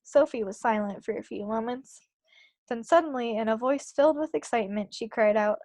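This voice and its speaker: A woman narrating a children's book in an even, steady storybook manner. Her voice is a little high with a gravelly catch, and the sound is close and dry. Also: a little fast, no room sound. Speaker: book club reader. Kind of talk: reading a children's book aloud.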